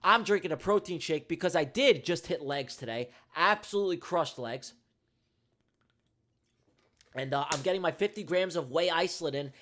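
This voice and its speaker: A man with a slightly high, fairly bright voice talks at a moderate pace while livestreaming his day trades. He banters casually and emphatically with his chat, using slang, repeating himself, and cracking jokes.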